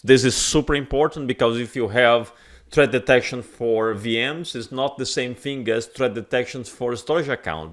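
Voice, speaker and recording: A man with a giving an enthusiastic conference keynote, with small grammar slips. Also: mid-range voice. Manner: enthusiastic, with some non-native grammar slips. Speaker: keynote speaker.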